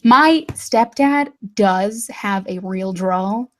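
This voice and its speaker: American woman, casual chat guest, slow, drawn-out talk, lots of fillers. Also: mid-range voice. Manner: unhurried, filler-heavy.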